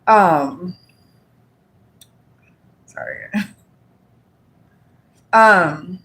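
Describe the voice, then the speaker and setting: A woman giving a live-streamed tarot reading in a chatty way, with lots of fillers and unhurried pauses. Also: fairly low pitch, expressive, a bit bright, low-quality recording. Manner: chatty, filler-heavy, slow and drawn out; giggly, fighting fits of laughter. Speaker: tarot reader.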